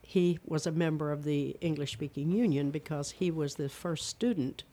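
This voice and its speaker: An older woman from Eastern Kentucky with a regional accent, a retired speech and theater teacher telling stories in a relaxed interview and acting out voices as she goes. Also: low voice, normal speed. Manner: animated storyteller, demonstrates voices. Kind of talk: casual interview chat.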